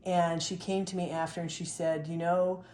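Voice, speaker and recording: A woman's voice: fairly low pitch, level tone, moderate pace, darkish tone, roomy sound. A middle-aged woman doing a chatty, upbeat spiritual card reading. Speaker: tarot and oracle card reader.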